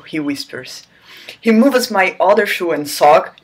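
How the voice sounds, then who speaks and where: A woman's voice: on the low side, lively intonation, a little slow, breathy edge. A woman giving a comic dramatic reading of a novel and breaking off for sarcastic asides. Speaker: reader.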